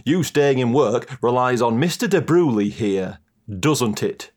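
An actor playing a stern, pompous middle-aged butler in an audio drama. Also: male voice, mid-range voice, lively intonation, a little slow, a little mellow, natural voice. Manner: pompous, indignant.

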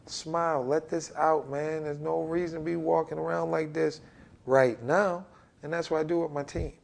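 A basketball head coach in his forties tells stories energetically in an interview, speaking at normal speed in a creaky voice. He's animated, acting out what people say with big pitch jumps.

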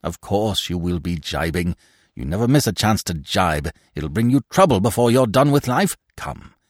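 A man voicing a heavy, cunning middle-aged theatre manager who leers and blusters, in a storybook reading with a lively, dry delivery. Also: low voice, moderate pace, no room sound. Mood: scolding. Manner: leering, blustering, wheedling.

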